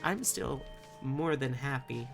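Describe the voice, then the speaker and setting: A woman's voice: extremely low pitch, lively intonation, slow pace, gravelly, over music. A woman streaming live, chatting with viewers in a playful, teasing, sultry way. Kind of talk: casual live-stream chat with chat readings.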